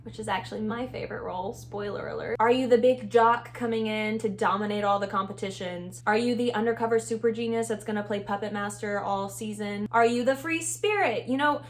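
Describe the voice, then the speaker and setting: A woman's voice: medium pitch, brisk, hardly any pauses. A young woman with a Texan accent giving upbeat, chatty advice in a casual vlog, laughing often. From Texas. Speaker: vlogger, former reality show contestant.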